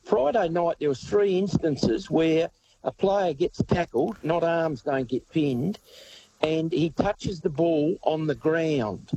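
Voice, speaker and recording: A man's voice: a little high, takes it slowly, warm tone, dull audio, slight background noise. A man with an Australian accent calling in to a radio show with an earnest, rambling comment about a football rule. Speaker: caller.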